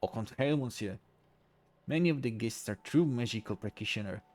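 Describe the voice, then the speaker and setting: A man's voice: medium pitch, moderate pace, darkish tone, lightly acted. A man voicing a formal, polite male French academic who hunts frauds, with a put-on French accent, reading game dialogue aloud. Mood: courteous.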